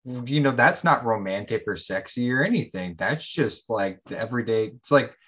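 A man's voice: medium pitch, moderate pace. A man co-hosting a podcast, talking casually and loosely, often saying "like". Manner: casual, relaxed, with filler "like". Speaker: podcast co-host. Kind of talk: conversational discussion.

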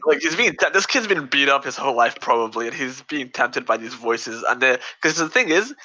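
A man recapping a movie in casual podcast chat, animated and profane, laughing and acting out quoted lines. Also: mid-range voice, brisk, low-quality recording. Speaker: podcast co-host.

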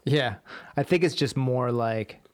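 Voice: mid-range voice, measured pace. Laid back chatter, laughs a bunch, mid voice. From Rhode Island. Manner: easygoing, laughs a lot, mimics local phrases. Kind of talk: casual chat.

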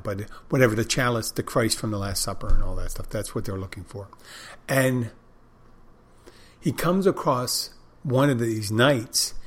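A male podcast host addresses his listeners in a casual, meandering monologue that often stops to correct itself and loses its thread. His voice is lowish with a breathy edge.

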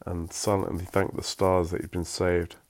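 A man's voice: low-pitched, flat delivery, moderate pace, a little mellow. A man reading a story aloud, breaking off for wry, self-mocking asides.

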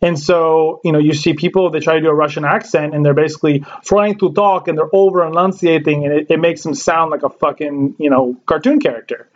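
Podcast host, male, slightly higher voice, loose rambly delivery with fillers and swearing, dull lo-fi audio. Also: steady tone, fairly quick, few pauses. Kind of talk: casual podcast chat. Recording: lo-fi dull sound.

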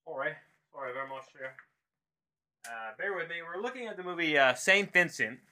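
A man's voice: a little high, expressive, brisk, bright, forceful tone, a little hiss or hum. Rambling man reviewing a movie at home. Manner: rambling, self-deprecating, many fillers and restarts. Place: home office.

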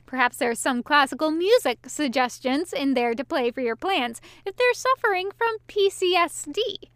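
A woman's voice: sits high, expressive, normal speed, fairly bright tone, no echo. A woman voicing a drunk, gleeful male angel who teases with cackling glee, in a fan fiction audiobook. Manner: laughing, gleeful teasing.

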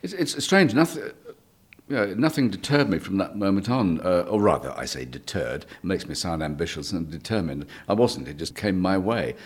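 An older man with a very deep, husky voice, chatting through his memories in an interview. He tells his stories easily and chuckles along the way. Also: animated, moderate pace. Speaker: guest. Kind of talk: reminiscing interview.

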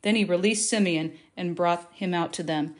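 A woman's voice: on the low side, moderate pace. A woman reading Bible scripture aloud, lifting her voice for the quoted speech. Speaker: Bible reader.

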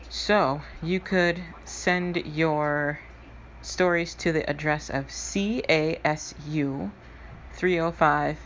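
A woman's voice: sits low, a bit bright, a little hiss or hum. A woman hosting her own podcast, chatting casually to her listeners with frequent fillers. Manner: chatty, informal, trailing fillers. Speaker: podcast host. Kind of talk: casual solo podcast chat.

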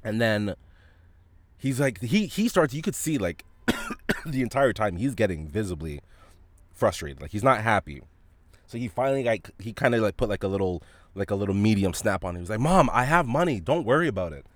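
Male podcast host, profane casual storyteller with a dry, coughing throat; low voice, dry close mic. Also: moderate pace, no room sound. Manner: profane, animated, frequent restarts.

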